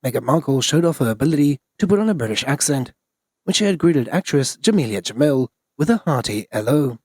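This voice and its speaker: Husky male narrator, dry close sound, steady scripted news read. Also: mid-range voice, a little fast, no room sound.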